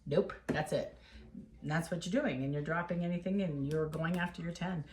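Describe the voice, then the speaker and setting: A woman's voice: fairly low pitch, steady tone, fast. A woman giving a casual tarot reading, talking straight to the viewer in an encouraging, emotional way. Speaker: tarot reader.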